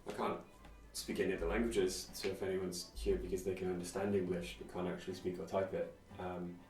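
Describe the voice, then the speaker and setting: A man's voice: low-pitched, flat delivery, brisk, darkish tone. A man streaming a video game, chatting casually with dry, sarcastic muttered asides. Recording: roomy, distant mic, faint music.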